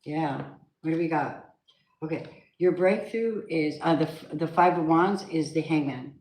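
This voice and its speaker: A woman's voice: deep voice, measured pace, a little mellow. A woman giving a casual, emphatic tarot reading, talking straight to her viewers. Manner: chatty, emphatic, sings snatches of songs. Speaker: tarot reader. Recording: echoey room with faint noise.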